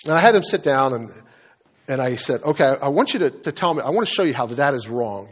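A man's voice: mid-range voice, animated, fairly quick, husky. A middle-aged man preaching as a pastor, telling stories and acting out dialogue, often restarting his sentences. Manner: storytelling preacher, acts out dialogue, frequent restarts. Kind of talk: sermon.

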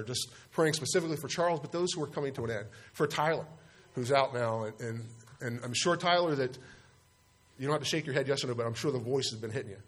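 Guy giving a laid-back devotional talk, chatty, keeps asking the room questions, medium pitch. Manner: conversational, with rhetorical questions. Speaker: youth speaker.

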